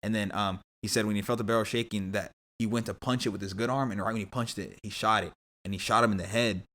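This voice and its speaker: A man's voice: fairly low pitch, fairly even intonation, quick pace, fairly bright tone. A young man telling a story as a podcast guest in a casual, rambling way, full of "like" and restarts.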